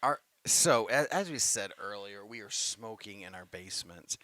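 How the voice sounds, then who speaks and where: A man's voice: on the low side, expressive, moderate pace, bright, forceful tone, no room sound. A man hosting a casual podcast, rambling with lots of filler words. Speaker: podcast host. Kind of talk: casual chat.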